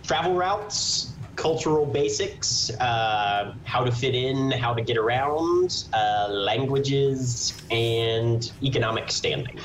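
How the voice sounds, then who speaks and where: A man playing in a tabletop game, listing what his character researches with hesitant pauses. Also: medium pitch, noisy background. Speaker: player. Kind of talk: casual tabletop play.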